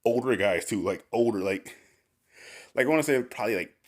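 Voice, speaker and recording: Low-voiced rambling podcast guy. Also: expressive, brisk. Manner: rambling, filler-heavy, laughs often. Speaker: podcast host. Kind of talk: casual podcast chat.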